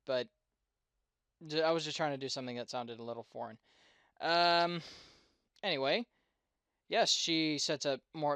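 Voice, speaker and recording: A man's voice: a little high, fairly bright tone, clean tone, dry recording. Rambling man commenting on a game. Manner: rambling, full of fillers and self-corrections. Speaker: let's play host. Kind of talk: casual gameplay commentary.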